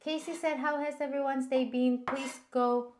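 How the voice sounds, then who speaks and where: A woman's voice: high voice, steady tone, moderate pace, slight background noise. Chatty woman co-hosting a cooking stream. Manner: chatty, reads chat messages aloud. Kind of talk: casual chat reading viewer comments. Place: home kitchen.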